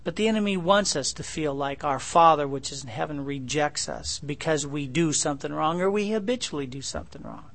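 A man's voice: on the high side, lively intonation, a little fast, vocal fry, hardly any pauses, a bit bright. A middle-aged man, a pastor, teaching through a Bible passage verse by verse in a folksy, conversational way, tossing rhetorical questions to his listeners.

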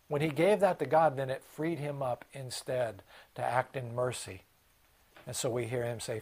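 A man preaching a sermon, swinging from hushed, quiet passages to loud, impassioned ones. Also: mid-range voice, steady tone, moderate pace. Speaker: pastor.

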